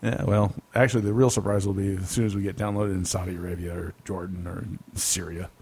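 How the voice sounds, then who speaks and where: A man's voice: sits low, little pitch movement, fast talker, darkish tone, husky. A man co-hosting a podcast in casual banter, joking and laughing often. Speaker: podcast co-host. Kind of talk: casual chat.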